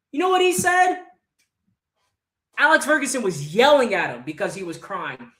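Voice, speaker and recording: A man's voice: high voice, fairly bright tone. Angry man ranting in a roomy echo. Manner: angry, profane ranting with rhetorical questions. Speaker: host of a football fan channel. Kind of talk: livestream match reaction rant.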